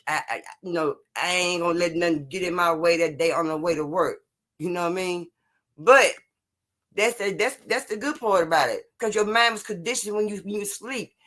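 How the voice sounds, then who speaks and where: Streamer rambling on about life, keeps saying you know what im saying, middle pitch voice. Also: a bit bright. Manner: answers viewer comments while talking. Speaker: live stream host. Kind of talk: casual motivational talk on a live stream. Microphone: streaming setup.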